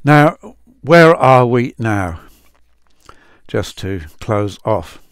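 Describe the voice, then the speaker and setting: A man speaking as a Bible translator, reflecting slowly on psalms, with many pauses and fillers as he reads verses aloud. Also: medium pitch, animated, clear, resonant tone, no room sound, clean studio sound.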